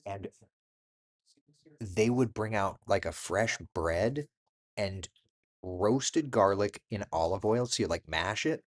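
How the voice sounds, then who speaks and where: Chatty low-voiced man host. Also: takes it slowly, pauses often. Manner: chatty, laughing, reacting to viewer comments by name. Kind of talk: casual chat reading viewer comments.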